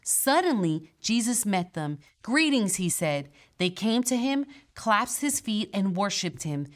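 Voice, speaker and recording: A woman's voice: medium pitch, big pitch swings, unhurried. A woman pastor delivering a sermon in a church, earnest and conversational, with playful asides between scripture readings.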